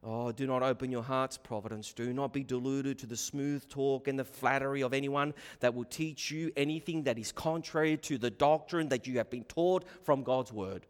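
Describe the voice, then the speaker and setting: A man's voice: mid-range voice, moderate pace, few pauses, big-room sound. A man preaching a sermon as pastor, emphatic and full of rhetorical questions.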